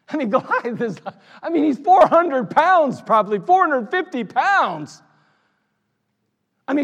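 A man preaching to his congregation, his voice high for a man and swinging widely in pitch as he dramatizes each scene. He tells the story with animation and acts out the quoted lines. The recording rings with the long reverb of a church sanctuary. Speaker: pastor. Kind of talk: sermon.

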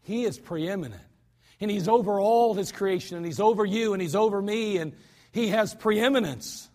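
Pastor, male, high-pitched, casual sermon delivery with sudden loud outbursts. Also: normal speed. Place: church sanctuary.

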